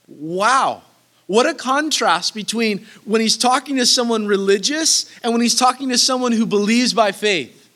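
A very high, sharp-toned man preaches at a moderate pace, teaching through Bible verses. Earnest and emphatic, he repeats key phrases for weight and drops casual asides that break into laughter.

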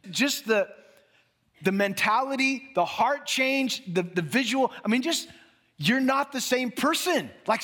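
A male pastor preaching a sermon in an animated way, acting out little dialogues and laughing as he talks. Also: very high voice.

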